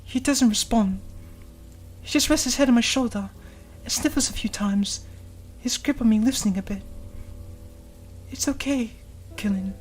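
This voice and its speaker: A woman voicing a gentle, devoted young woman in a visual novel, narrating softly in first person and comforting someone she loves. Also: a little high, moderate pace, lightly acted. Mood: tender. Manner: soft, tender, hushed delivery.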